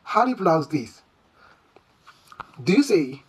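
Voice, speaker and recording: An English pronunciation teacher giving a lesson, who quizzes the listener with questions and repeats each word slowly and deliberately. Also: mid-range voice, animated, slightly rough, poor audio.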